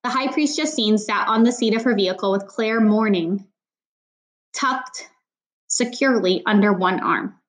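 A woman reads a novel aloud as an audiobook in a plain, medium-pitched voice at a moderate pace. She pauses now and then for casual asides and makes small slips while reading.

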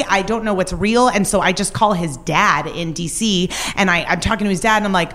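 A woman's voice: on the low side, a little fast, few pauses, fairly bright tone. A young woman telling a personal true story on stage, candid and wry. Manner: candid, shifts between wry and raw.

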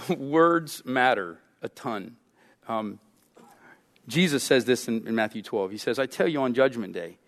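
A pastor with a medium-pitched voice preaches a sermon in a casual, conversational style, frequently checking in with listeners through "right?" asides. The sound has a big-room quality.

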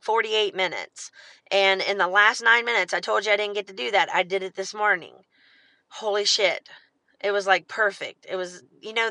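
A woman's voice: mid-range voice, gravelly, no room sound. A middle-aged woman talking casually and emphatically to her followers, swearing often and getting fired up as she speaks. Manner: profane, emphatic, animated. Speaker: vlogger.

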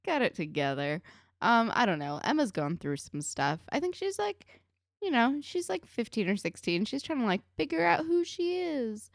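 A woman with a fairly high, lively voice that swings up and down. She talks as a podcast co-host, opinionated and musing, with lots of fillers. The recording is dry. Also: moderate pace, gravelly, no echo. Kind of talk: casual recap chat.

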